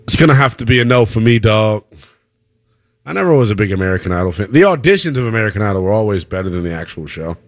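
On a sports radio show, a man with a lowish voice talks quickly, joking around as he signs off the night's program. It's casual radio chat delivered in a playful, lively way.

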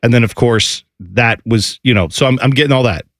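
A man in his thirties, a radio co-host, telling a family story in a casual, animated way and acting out the voices of his kids. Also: medium pitch, a little fast, dry recording, clean studio sound. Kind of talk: casual morning-show storytelling.

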